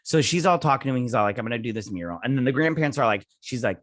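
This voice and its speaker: A man hosting a casual TV episode review, retelling scenes in a rambling, animated way with quick quoted character bits, recorded in a dry space. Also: mid-range voice, dry recording. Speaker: show host reviewing a TV episode.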